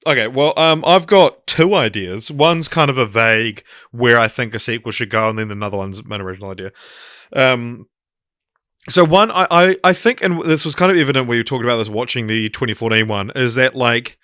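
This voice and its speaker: Bright, crisp-voiced male podcast host. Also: mid-range voice, brisk, no room sound, studio quality. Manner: rambling, many ums and restarts. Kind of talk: casual film podcast chat.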